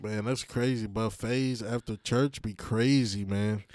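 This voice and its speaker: A man's voice: lowish voice, steady tone, measured pace, a little mellow. A man co-hosting a casual podcast, talking in a laid-back, slangy way with lots of cursing and easy laughs. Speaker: podcast co-host. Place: indoor home studio.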